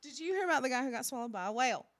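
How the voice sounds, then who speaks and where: A young woman co-hosting a podcast, telling stories in casual chat with lots of "like" and excited bursts. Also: high-pitched, racing, no echo. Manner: animated storyteller, lots of "like". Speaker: podcast co-host.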